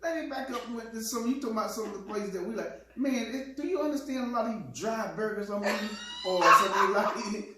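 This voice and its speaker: Guy chatting w his wife, animated storyteller, far from the mic in a roomy echo. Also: sits high, fast talker, few pauses. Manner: animated, laughing storyteller who acts out quotes. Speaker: co-host. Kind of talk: casual couple chat. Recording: echoey room, distant mic.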